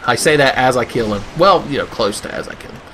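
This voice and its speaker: A man's voice: medium pitch, lively intonation, quick pace, sharp tone, a little hiss or hum. A man doing sarcastic, profane comedic commentary over gameplay, ranting and putting on silly voices. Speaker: gaming video host.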